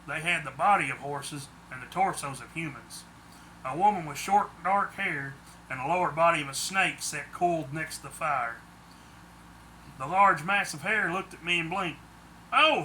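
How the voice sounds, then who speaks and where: Male hobby narrator, very bright high voice, reads with slips, faint background hiss. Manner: plain reading with restarts and slips. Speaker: audiobook narrator. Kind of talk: first-person story reading.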